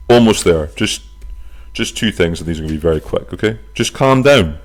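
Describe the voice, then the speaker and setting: A man hosting his own podcast, chatting casually from his flat, telling stories with silly voices and some swearing. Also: sits low, unhurried. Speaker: podcast host. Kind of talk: casual solo podcast chat. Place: flat near a bus stop.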